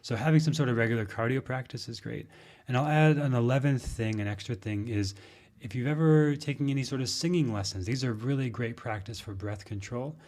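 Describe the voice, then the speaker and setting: A man, a yoga teacher, giving spoken tips in a relaxed, unhurried way. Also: mid-range voice. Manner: relaxed, unhurried, with fillers and restarts.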